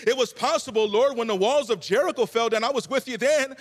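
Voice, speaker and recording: Impassioned Jesus pleading in prayer, as a male preacher acts it out, high and loud in a church hall with a long reverb. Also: fairly quick.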